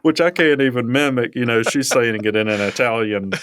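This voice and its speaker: A man's voice: mid-range voice, brisk, a bit bright, clear, resonant tone, dry recording, clean studio sound. A man with a Southern Alabama accent, co-hosting a casual podcast and telling rambling stories with chuckles. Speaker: podcast co-host, professor. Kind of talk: casual storytelling.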